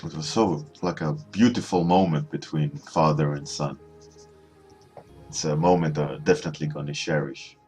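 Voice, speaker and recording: A man in his thirties, an artist chatting casually as he works, rambling and halting with many restarts. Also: rumbling low, darkish tone, soft background music. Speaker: artist streaming a warmup session. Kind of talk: casual storytelling while working.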